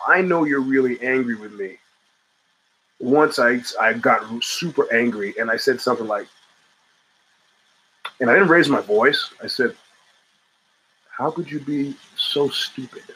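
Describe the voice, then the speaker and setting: A man's voice: medium pitch, moderate pace, pauses often, a bit bright, slight background noise, low-quality recording. A middle-aged man hosting a talk show, rambling and swearing as he reads chat and answers it. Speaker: podcast host. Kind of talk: casual talk show monologue.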